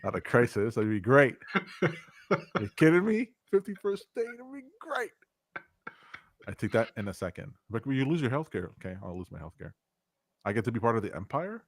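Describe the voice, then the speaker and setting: A man from Canada co-hosting a casual, jokey podcast chat, talking with excitable energy. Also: fairly low pitch, quick pace, creaky. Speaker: podcast co-host.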